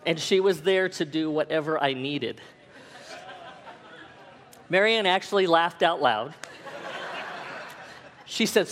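A man tells a funny personal story to an audience, poking fun at himself with well-timed mock indignation. His voice sits a little high for a man. The sound carries a long reverb, as in a large hall. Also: lively intonation, slow pace, long pauses, a bit bright. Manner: self-deprecating, comic timing, mock-indignant. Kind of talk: humorous storytelling talk.

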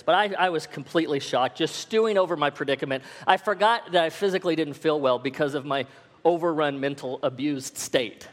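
Man telling a self-mocking story in a hall. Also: fairly high pitch. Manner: self-deprecating, comic timing, mock-indignant. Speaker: speaker telling a personal story to an audience. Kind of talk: humorous storytelling talk.

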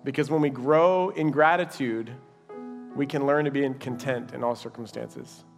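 A man's voice: medium pitch, moderate pace, gravelly. Earnest man preaching in a reverberant hall. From Dallas. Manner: earnest, personal, reflective. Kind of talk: sermon and closing prayer. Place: church sanctuary. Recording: reverberant hall with music behind.

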